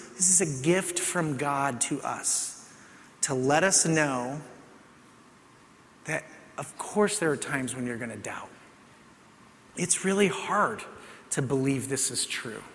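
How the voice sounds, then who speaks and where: A man preaching a sermon in a conversational style, often dropping to a soft, hushed voice to make a point. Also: a little high. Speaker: pastor. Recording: long reverb of a large hall.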